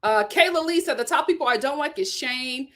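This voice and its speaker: A young adult woman hosting a casual livestream, reading viewer comments aloud in a chatty, animated way and laughing often. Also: sits high, fairly quick. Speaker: YouTube show host reading super chats.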